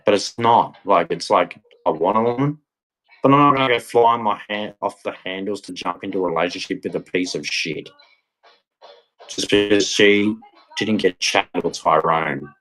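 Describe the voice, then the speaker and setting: A man's voice: on the low side, fairly bright tone, poor audio. A man ranting bitterly to camera, repeating "man" and "right" as he vents. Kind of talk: angry monologue to camera.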